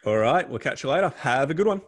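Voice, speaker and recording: A man's voice: mid-range voice, expressive, fast. A man hosting a podcast, chatting casually in a jokey, teasing way. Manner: jokey, teasing, friendly wrap-up. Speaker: podcast host.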